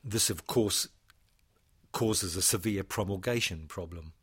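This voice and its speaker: Low, husky man giving a formal talk. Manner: measured, formal and precise. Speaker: composer presenting his own work. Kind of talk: read-out formal lecture.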